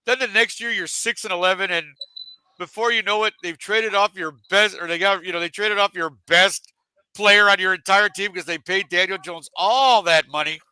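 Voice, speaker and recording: A man's voice: high voice, steady tone, moderate pace, bright, forceful tone, clean tone, rough recording. A man hosting a casual sports talk show, chatty and leading the discussion. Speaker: podcast host.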